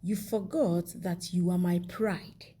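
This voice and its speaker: Woman reading hurt matriarch in a soap recap, husky and low. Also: fairly even intonation, slow pace, warm tone. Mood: pleading, angry. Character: stern matriarch, hurt and furious.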